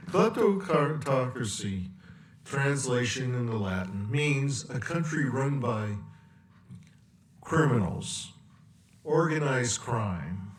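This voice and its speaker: Unhurried male commentator, sarcastic and rambling, recorded in an echoey room. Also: medium pitch, lively intonation, recorded from a distance. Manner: rambling, sarcastic, with long pauses. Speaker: political commentator. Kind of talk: political rant vlog. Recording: echoey room, away from mic.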